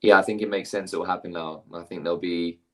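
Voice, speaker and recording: A British man giving measured, hedging analysis in a casual chat. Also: low-pitched, fairly even intonation, sharp tone.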